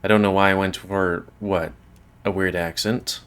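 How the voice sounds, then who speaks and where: Low-voiced man joking through a game. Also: flat delivery, normal speed, fairly bright tone, smooth. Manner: rambling, joking, thinking aloud. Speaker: gameplay streamer. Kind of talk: casual let's-play commentary. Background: faint game music.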